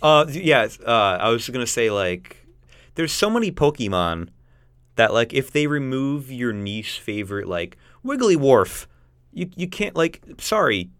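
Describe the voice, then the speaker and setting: A man's voice: medium pitch, big pitch swings, measured pace, a bit bright, clean tone, dry recording, studio quality. A young man co-hosting a podcast in casual chat, full of joking, sarcastic asides. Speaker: podcast co-host.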